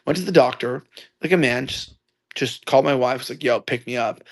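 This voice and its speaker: A young man in his twenties telling a story loudly, ranting and acting out quoted lines. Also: mid-range voice, a little fast. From United States. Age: 20s. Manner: loud, ranting, acts out quotes. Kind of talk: animated storytelling.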